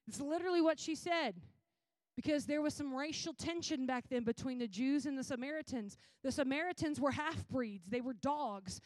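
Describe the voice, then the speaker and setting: A woman preacher giving a sermon and telling the stories in an animated, casual way with slang. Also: sits high, moderate pace, no room sound.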